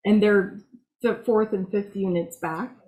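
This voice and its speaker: A woman speaks casually to a hobby club about the museum she runs. Her talk is chatty and self-mocking, and she laughs often. Her voice sits at an ordinary middle pitch. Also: steady tone, a little slow, darkish tone, low-quality recording. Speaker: museum executive director.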